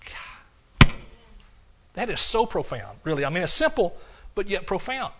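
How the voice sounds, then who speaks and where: A male preacher delivers a sermon, building his points with emphatic repetition and stopping to restart his sentences. His voice sits fairly high for a man. The recording sounds dull and lo-fi. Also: big pitch swings, fairly quick.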